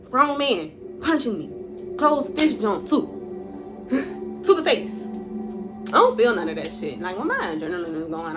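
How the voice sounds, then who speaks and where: Blunt, profane woman telling a story. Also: medium pitch. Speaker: YouTuber telling a personal story. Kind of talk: storytime vlog.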